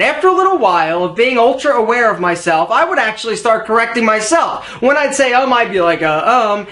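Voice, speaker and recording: Playful man giving mocking advice, echoey room. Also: high voice. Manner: playful, mocking, lively delivery. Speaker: presenter of a self-improvement video. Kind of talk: comedic advice talk to camera.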